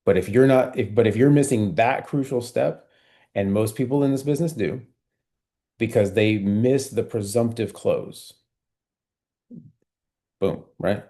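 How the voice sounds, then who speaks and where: A man coaching a team on recruiting appointments over a video call, talking at a measured, steady pace and often tagging his points with "right?". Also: on the low side. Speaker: sales trainer.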